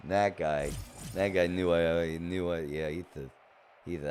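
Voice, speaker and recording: A man's voice: low voice, fairly even intonation, a little slow, a little mellow, slight background noise. A man casually commentating his own gameplay on a live stream, playfully teasing his chat. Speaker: gaming streamer.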